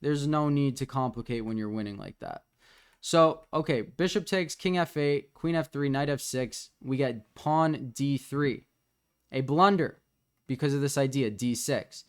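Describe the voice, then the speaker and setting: A man's voice: medium pitch, a little slow, clean tone. A man as a chess coach, casually talking through the moves of a student's game as he reviews it.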